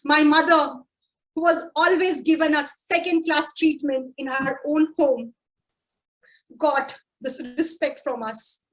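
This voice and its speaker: A woman giving a prepared speech at a speaking club, slow and deliberate with dramatic pauses. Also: high-pitched, steady tone, fairly bright tone, rough recording.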